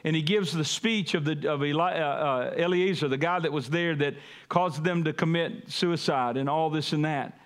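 A pastor preaching a sermon, calling on the congregation to repeat after him and building to emphatic peaks. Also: male voice, a little high, normal speed, few pauses. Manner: call-and-response preaching, rising to emphatic peaks.

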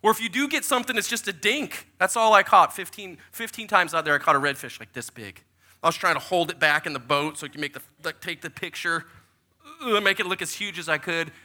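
A man in his forties, a pastor giving a sermon full of lively, joking personal stories. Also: sits high, a little fast. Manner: animated, jokey storyteller who acts out quotes.

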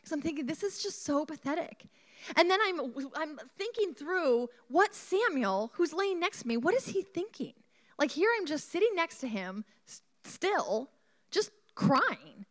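A woman preaching a sermon, telling a personal story in an animated way and asking the congregation questions. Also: very high voice, unhurried.

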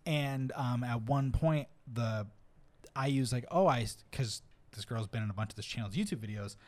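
In a casual podcast chat, a young co-host with a mid-range voice recounts a story at a normal speed. He's an animated, rambling storyteller who leans heavily on fillers.

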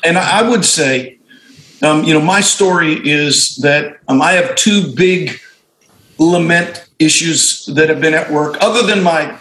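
A man's voice: fairly high pitch, a little slow, bright, forceful tone, reverberant, rough recording. A middle-aged male pastor telling stories in a reflective conversation, often restarting and correcting himself. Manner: reflective storytelling with frequent restarts and self-corrections. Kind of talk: conversational discussion among fellow pastors.

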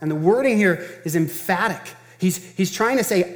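A man's voice: sits high, animated, unhurried, hardly any pauses, big-room sound. A man preaching a sermon as pastor, earnest and emphatic, talking in a conversational way and repeating phrases for stress.

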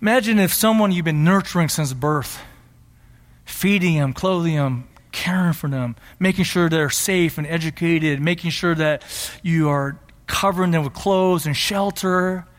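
A man's voice: a little high, unhurried. A middle-aged man preaching a sermon as pastor, teaching earnestly and building to emphatic passion. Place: church sanctuary. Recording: long hall reverb.

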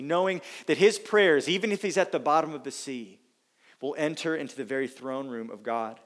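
A man preaching a sermon, earnest and emphatic, with dramatic pauses and repeated phrases for weight. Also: fairly high pitch.

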